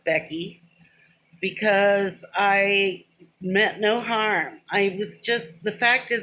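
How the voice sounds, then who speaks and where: Over a little hiss or hum, a middle-aged vlogger with a mid-range voice and fairly bright tone rambles to a camera within arm's reach. Her monologue is casual and emotional, drifting with "but anyway," and she describes herself as rambling while talking openly about crying.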